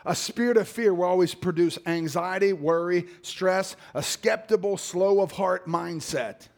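A middle-aged male pastor preaching a sermon, dropping to low murmurs and climbing to shouted exhortation. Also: unhurried, vocal fry.

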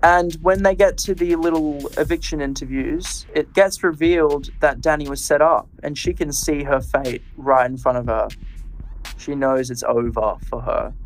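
A man co-hosting a podcast, casually recapping episodes and telling what happened in a relaxed, storytelling way. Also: on the high side, moderate pace, soft background music, rough recording. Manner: walks through events in a relaxed, storytelling way. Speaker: podcast co-host.

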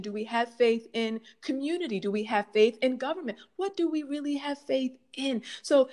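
A woman's voice: high-pitched, a little mellow. A middle-aged woman educator answering audience questions in a reflective, impassioned way, full of rhetorical questions. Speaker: guest speaker, college educator. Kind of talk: conversational Q&A answers.

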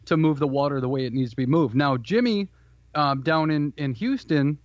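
A man's voice: a little high, normal speed, no echo, dull audio. A man chatting casually on a podcast, talking loosely with lots of fillers. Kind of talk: casual chat. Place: Illinois.

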